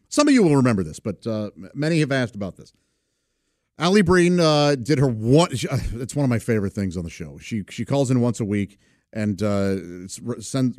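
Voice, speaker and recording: A man's voice: medium pitch, darkish tone, no room sound, studio quality. A man hosting a podcast in a casual monologue that rambles, full of fillers and restarts. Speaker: podcast host and radio comedian.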